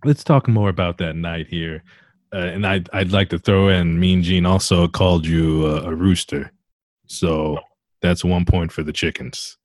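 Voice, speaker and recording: A man's voice: low voice, fairly even intonation, unhurried, a little mellow, no room sound, clean studio sound. A man hosting a comedy interview, asking earnest, probing questions with a straight face. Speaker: interviewer host.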